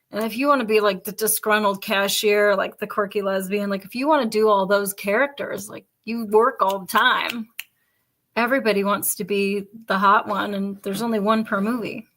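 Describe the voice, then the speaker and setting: A woman, hosting a casual chat and talking bluntly with lots of swearing. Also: medium pitch. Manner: blunt and profane, animated asides. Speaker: podcast host.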